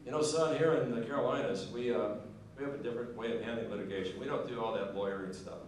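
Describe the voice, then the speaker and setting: A man voicing a crumpled, calm old male Marine general with an unhurried drawl, inside a joke he tells at a banquet. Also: mid-range voice, slight background noise, natural voice. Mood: folksy calm. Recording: echoey banquet hall, distant mic.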